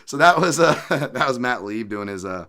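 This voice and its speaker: A man's voice: medium pitch, lively intonation, normal speed, pushed and bright. A man hosting a podcast, talking in a rambling, profane, self-deprecating way. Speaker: podcast host. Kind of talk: casual podcast monologue.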